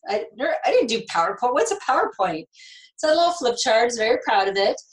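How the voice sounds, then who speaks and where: A middle-aged woman, a nurse turned speaker, telling her story as an interview guest in an animated, emotional way with frequent restarts. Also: fairly high pitch, fast, poor audio.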